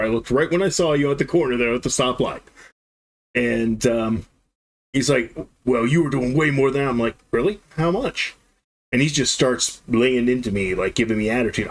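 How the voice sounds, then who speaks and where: A man in his thirties chats away on a live stream in a plain, mid-pitched voice. He rambles through a long story, acting out the dialogue with lively jumps in his tone. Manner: rambling, animated storyteller who acts out the dialogue.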